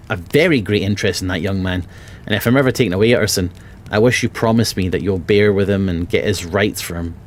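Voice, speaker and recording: A man reading a kindly, troubled male doctor in his own Edinburgh accent, speaking in a warm, pleading way. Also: fairly low pitch, a little hiss or hum, lightly acted. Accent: Scottish, Edinburgh.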